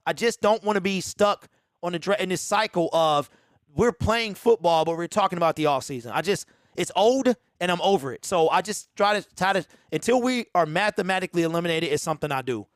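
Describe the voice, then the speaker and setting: A man's voice: high voice, animated, a little fast, dry recording, clean studio sound. A man hosting a fan call-in show, talking loosely and repeating himself, with "man" in almost every sentence. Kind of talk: casual call-in chat.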